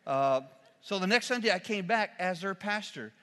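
A man with a high, bright, ringing voice delivers a sermon from the pulpit of a church. He tells stories with humor and breaks into loud, shouted quotations. The sound carries a long hall reverb. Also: lively intonation, normal speed, clean tone. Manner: storytelling with shouted acted quotes and humor. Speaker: pastor.

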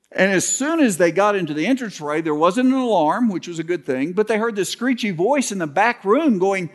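A man who is a pastor, preaching a sermon with folksy storytelling, humor, and some halting restarts. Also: high voice. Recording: long hall reverb.

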